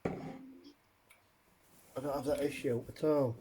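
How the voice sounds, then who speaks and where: A man's voice: mid-range voice, steady tone, slow, mellow. A man hosting a casual chat, rambling and swearing as he rants with many fillers. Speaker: host.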